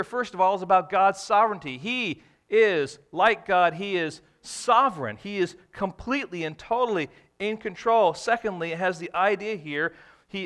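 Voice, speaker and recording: A man's voice: high voice, pushed and bright. A man preaching a sermon, explaining scripture verse by verse and stretching out key phrases for emphasis. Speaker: pastor.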